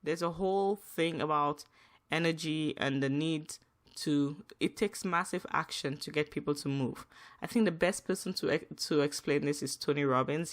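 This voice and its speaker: A woman hosting a solo podcast, venting emphatically and repeating herself, her pitch rising when upset. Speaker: podcast host.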